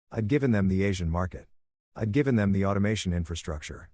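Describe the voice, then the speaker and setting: Male narrator, low, soothing voice, dry close-miked read. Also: fast talker, no room sound. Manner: calm, soothing reading. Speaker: story narrator. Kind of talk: first-person story narration.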